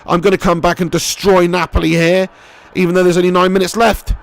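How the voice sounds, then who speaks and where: Young male streamer, high gravelly voice, sweary excitable game commentary and chat banter. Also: fairly quick, dry recording. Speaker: gaming live streamer.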